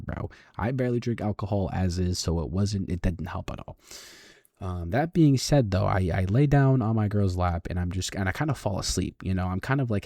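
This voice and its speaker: A man's voice: deep voice, mellow, no room sound, clean studio sound. A young man casually telling a story to his viewers, slangy and swearing often. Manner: slangy, swears, ends phrases with "bro". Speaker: vlogger.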